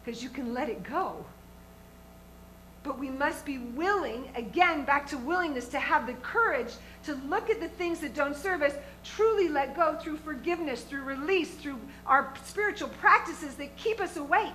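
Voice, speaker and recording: High, bright-voiced woman minister preaching. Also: lively intonation, normal speed, slight background noise, low-quality recording. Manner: earnest, emphatic, asks the congregation questions. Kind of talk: sermon. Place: church sanctuary with a congregation.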